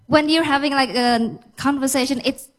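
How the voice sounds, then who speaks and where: A woman who speaks English natively, explaining phrases slowly and carefully to a live class. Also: sits high, fairly even intonation.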